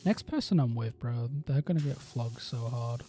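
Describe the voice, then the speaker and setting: A British man chatting casually on a gaming stream, musing offhand with the odd swear and quiet laugh. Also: medium pitch, normal speed. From Britain. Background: faint lo-fi music.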